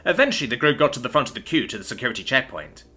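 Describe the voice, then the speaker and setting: Animated bright-voiced male narrator. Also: medium pitch, racing, breathy edge, faint music behind. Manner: expressive, animated reading. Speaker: narrator and author. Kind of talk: scripted story narration.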